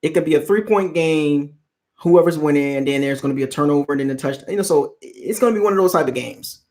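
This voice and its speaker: A man's voice: a little high, fast, a little mellow. A man hosting a football fan channel, chatting casually on a live stream and teasing fans in the chat. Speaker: sports channel host.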